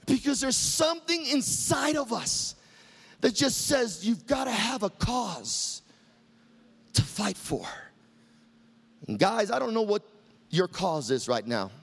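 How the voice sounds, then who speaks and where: Middle-aged man, pastor, high lively voice, rousing sermon delivery with wry humor. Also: slow, creaky, long pauses, husky. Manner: impassioned preaching with shouted refrains, then wry asides.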